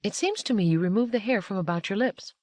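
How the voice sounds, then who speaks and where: A woman reading the part of an older aristocratic woman, curious and a bit haughty, with a lively, inquisitive delivery. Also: mid-range voice, quick pace, no echo, voice pushed up, lightly acted.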